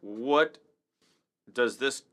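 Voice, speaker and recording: A man's voice: medium pitch, drawn-out words, fairly bright tone. A man teaching a casual rhythm lesson, upbeat and chatty, counting beats aloud. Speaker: percussion teacher.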